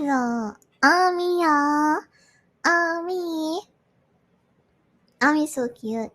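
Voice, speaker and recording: A woman's voice: high voice, animated, measured pace, fairly bright tone. A woman chatting casually with her audience, giggling often. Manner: giggly, chatty, frequent laughter. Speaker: streamer hosting a live audio space. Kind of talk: casual chat reading audience comments.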